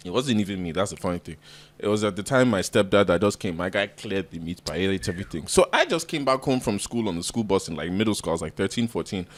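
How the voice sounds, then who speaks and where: A man in his thirties hosting a podcast, chatting casually and telling stories with lively acted-out voices. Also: low-pitched, fast. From Nigeria. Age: 30s. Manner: animated storytelling with acted-out voices. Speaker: podcast host. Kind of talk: casual chat.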